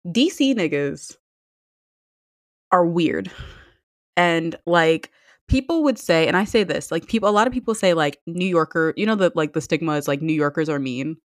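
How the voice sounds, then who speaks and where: A woman's voice: lowish voice, expressive, unhurried, long pauses, no echo. Young woman, podcast co-host, casual chat, blunt and profane, acts out quotes, dry close sound.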